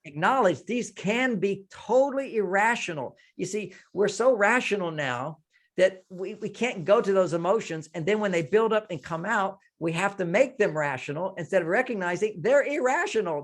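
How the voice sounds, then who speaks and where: High-voiced man explaining emotions animatedly. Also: normal speed. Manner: animated, acts out dialogues in changing voices. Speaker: guest expert. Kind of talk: interview answer, explaining relationship advice.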